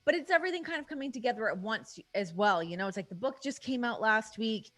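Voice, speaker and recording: A woman's voice: on the high side, expressive, fast, fairly bright tone. A woman guest in a casual chat, talking in a chatty, easygoing way.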